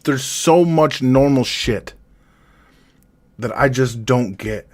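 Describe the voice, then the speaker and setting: A man streaming a raw, confessional monologue, halting and rambling with heavy swearing, emotionally distressed. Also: medium pitch.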